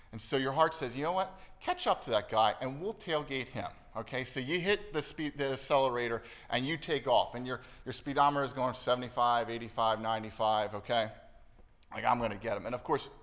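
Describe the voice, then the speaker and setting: A man preaching a sermon in a conversational style. He keeps checking in with his listeners and acts out inner voices with changes in pitch and loudness. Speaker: pastor.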